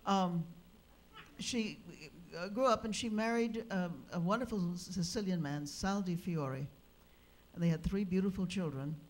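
A woman speaker at a religious gathering, telling an anecdote in a lively, animated way with humorous asides. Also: lowish voice, measured pace. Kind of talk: anecdotal storytelling. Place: live gathering hall.

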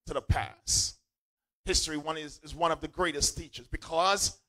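Repeating lines for emphasis, this man preaches in church and calls on the congregation to echo them back. The voice is fairly high and sharp, at a normal speed, captured with poor audio.

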